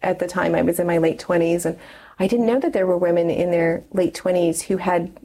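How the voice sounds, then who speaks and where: A woman's voice: lowish voice, fairly even intonation, a little fast, warm tone, rough recording. A middle-aged woman, a guest in an interview, telling a personal story earnestly, with many fillers and restarts.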